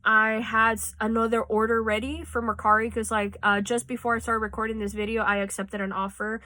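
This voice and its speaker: A woman vlogging into her phone, her voice bright and a bit sharp in a close, dry room. She rambles through her story with fillers and swearing, and she is teary. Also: on the high side, little pitch movement, brisk, no echo. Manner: rambling, tearful at times, swears freely. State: tearing up. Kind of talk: casual storytelling vlog.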